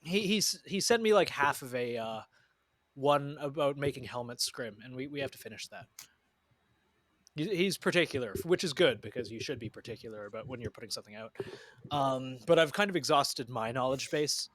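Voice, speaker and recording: A man's voice: mid-range voice, expressive, normal speed, fairly bright tone. Laid-back joking male co-host. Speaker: podcast co-host. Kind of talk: casual chat.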